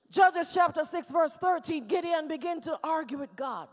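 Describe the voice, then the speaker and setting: A man with a Nigerian accent preaching a fervent sermon in a large church hall, swinging between loud shouts and hushed passages. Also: extremely high pitch, normal speed, few pauses. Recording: long reverb of a church hall.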